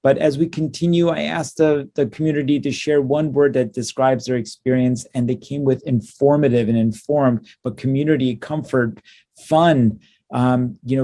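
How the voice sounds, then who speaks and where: Halting man giving a conference talk. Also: medium pitch. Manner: halting, many ums and uhs, warm and upbeat. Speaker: cystic fibrosis clinician presenting at a conference.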